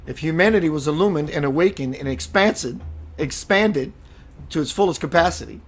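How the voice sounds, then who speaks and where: A man's voice: on the high side, animated, a little fast. A man hosting a live spiritual talk show, speaking emphatically and calling his viewers sister and brother as he reads their comments.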